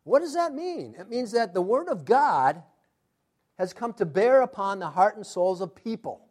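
A man with a notably high-pitched voice delivers a sermon. He speaks emphatically, prompting the congregation to fill in key words, and swings between forceful emphasis and hushed, intense asides. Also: sing-song, normal speed. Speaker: pastor.

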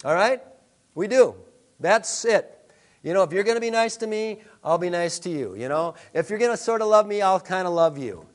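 A man's voice: high-pitched, expressive, normal speed. A male pastor preaching a sermon, emphatic, with rhetorical questions to the congregation.

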